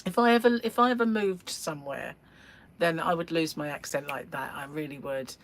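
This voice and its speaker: Middle-aged English woman, live-stream host, rambling chatty delivery with frequent laughs, lower voice. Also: a little fast, low-quality recording. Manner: gushing over yarn colours. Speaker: yarn shop owner and livestream host. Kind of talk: casual chat while crocheting.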